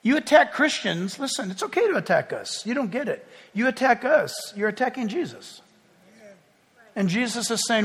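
A man preaching as a pastor, animated, moving from hushed tones to loud calls. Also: extremely high pitch, normal speed, breathy edge. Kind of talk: sermon. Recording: long reverb of a large hall.

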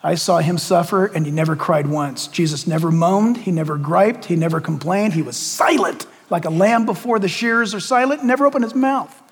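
A man doing a grief-stricken apostle, confessional, haunted, high voice, in a long-reverb church hall. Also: moderate pace, breathy edge. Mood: remorseful. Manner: confessional first-person retelling.

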